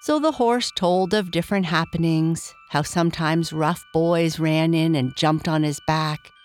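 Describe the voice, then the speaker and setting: A woman narrating a children's story, calm and even in her reading. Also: low voice, unhurried, clear, resonant tone.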